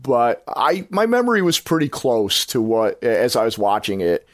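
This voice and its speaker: A man hosts a casual movie podcast, talking in an enthusiastic, rambling way. He circles back on his points and corrects himself as he goes. His voice sits at an ordinary middle pitch and sounds dry and close, with no room echo. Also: sing-song, normal speed. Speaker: podcast host. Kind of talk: casual film-review chat.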